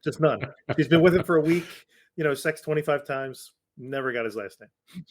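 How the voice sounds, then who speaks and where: A man's voice: on the high side, normal speed. A man co-hosting a casual podcast, retelling funny scenes with frequent laughter. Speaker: podcast co-host. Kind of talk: casual chat.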